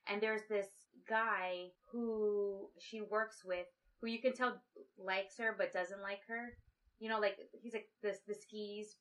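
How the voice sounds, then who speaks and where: Her voice is medium-pitched with a fairly bright tone. As a podcast co-host in a casual chat, she wanders through a retelling of a movie's plot, performing quotes from the characters.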